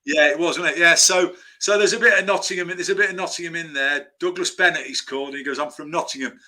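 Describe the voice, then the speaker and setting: A man with a very bright, fairly high voice chats as a screenwriter guest. He tells rambling, anecdote-driven stories and keeps breaking off to restart his sentences. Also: fast. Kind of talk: casual interview chat.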